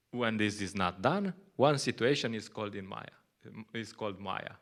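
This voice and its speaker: A man's voice: on the low side, animated, normal speed, few pauses, fairly bright tone. A man with Slovenian as his first language giving a conversational scripture class in English, often laughing and acting out little quotes. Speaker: lecturer at a temple.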